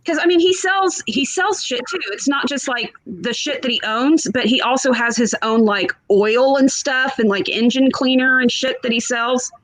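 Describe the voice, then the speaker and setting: Chatty woman with a slightly high, dry voice. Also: fairly bright tone, no echo, poor audio. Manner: chatty, laughs often, quick short replies. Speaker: co-host. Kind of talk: casual chat.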